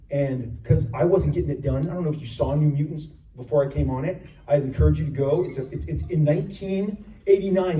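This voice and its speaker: A sarcastic man in his fifties tells animated stories to a crowd at a convention panel. His voice is high for a man but mellow. It comes from a distance in a big echoey hall. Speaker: panel guest. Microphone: recorded from the audience.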